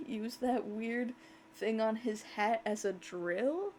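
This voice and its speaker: A woman's voice: a little high, slow pace, darkish tone, slight background noise. A woman streamer giving casual, chatty commentary while playing a game, laughing, swearing and reading dialogue aloud.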